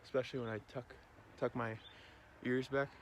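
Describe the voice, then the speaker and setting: Young male farmer, vlog host, easygoing chatter with jokes, average pitch. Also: flat delivery, moderate pace, a little hiss or hum. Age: young adult. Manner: chatty, joking asides. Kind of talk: casual vlog narration.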